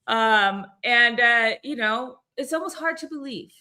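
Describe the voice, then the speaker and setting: A woman's voice: on the high side, expressive, a little slow, few pauses, pushed and bright. A woman co-hosting a weekly community call in casual, bubbly chat, laughing often and swearing now and then.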